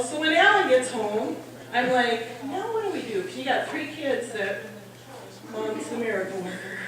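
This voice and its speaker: A middle-aged woman with a high voice tells comic stories with lots of animation, jumping into little voices and laughing along. She is heard from a distance in a very echoey hall with a noticeable room hum behind her. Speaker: stand-up comedian. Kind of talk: stand-up storytelling. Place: hall at a holiday party.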